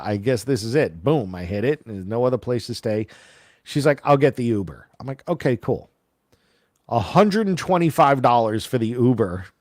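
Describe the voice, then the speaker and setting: A man co-hosting a podcast, telling a long story in a casual, animated way and acting out the voices of the people in it. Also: mid-range voice, dry recording, studio quality. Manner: animated, acts out quoted voices. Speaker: podcast co-host.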